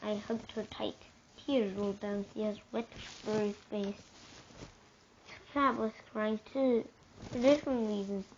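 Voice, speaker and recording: A woman reading a children's book aloud in a lively way, shouting the dialogue and going soft for quiet narration. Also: mid-range voice, slow pace, highs cut off, slight background noise.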